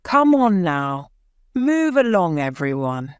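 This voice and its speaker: A no-nonsense storybook station master gives orders firmly, read by a woman. He speaks slowly and plainly. The recording is close and dry. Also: fairly low pitch, animated, a little mellow, clear, resonant tone, no room sound, dull audio. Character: busy male station master, middle-aged.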